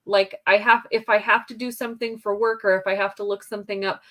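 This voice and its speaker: Casting: american woman, mid pitch, casual co-host, lively storyteller. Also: fast. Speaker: podcast co-host. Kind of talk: casual chat.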